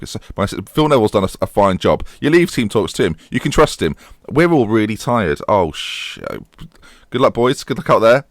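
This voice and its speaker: A young man commenting on his own football management game, chatty and self-mocking, excitable when the match heats up. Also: lowish voice, dry recording, clean studio sound. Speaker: gaming YouTuber.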